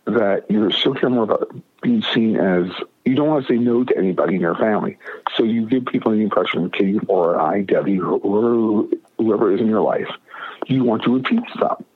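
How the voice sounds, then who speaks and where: A husky man telling a story on the radio. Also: on the low side, brisk. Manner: emphatic, repeats and restarts phrases. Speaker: interview guest. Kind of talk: personal storytelling in a radio interview. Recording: narrow phone-like radio audio.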